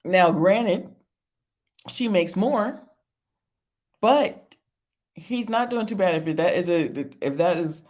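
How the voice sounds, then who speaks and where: A woman's voice: on the low side, lively intonation, slow, long pauses, a little mellow. A woman hosting a casual reality TV review stream. She laughs often, repeats herself for emphasis and answers viewer comments as she talks. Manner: emphatic, repeats phrases for effect.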